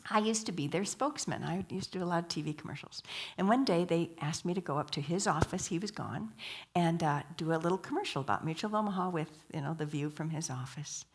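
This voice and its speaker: A woman's voice: lowish voice, fast, breathy edge. A woman giving a sermon at a church, telling stories, asking the audience questions and dropping to a whisper for emphasis. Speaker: guest speaker.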